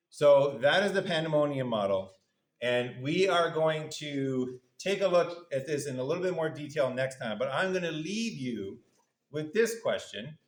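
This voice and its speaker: A man's voice: on the high side, lively intonation, normal speed. A male university lecturer giving a casual classroom lecture, playfully acting out little voices for the parts of a model. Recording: echoey room.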